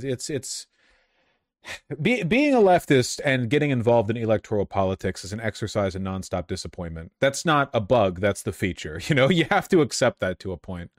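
Brief: man streamer, sarcastic and swearing, lowish voice, close dry sound. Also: no echo. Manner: sardonic, profane, laughing asides. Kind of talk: casual political commentary.

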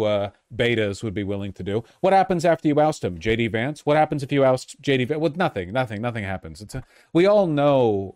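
A young man streaming political commentary, arguing his points with frequent restarts and sudden rises in pitch. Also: no room sound, studio quality. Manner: argumentative, restarts a lot, animated rises in pitch.

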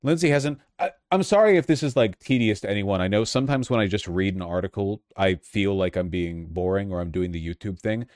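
A man's voice: lowish voice, no room sound, studio quality. A man doing political commentary, reading articles aloud and reacting with sarcasm and frequent restarts. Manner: sarcastic, restless, many restarts.

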